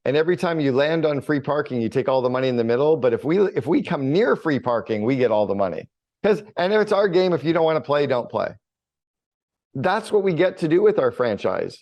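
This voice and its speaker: A man's voice: on the high side, very animated, brisk, darkish tone, muffled recording. A middle-aged man telling stories bluntly in a casual podcast conversation, with the odd swear word. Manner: blunt, storytelling with mild swearing. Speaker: business coach and author.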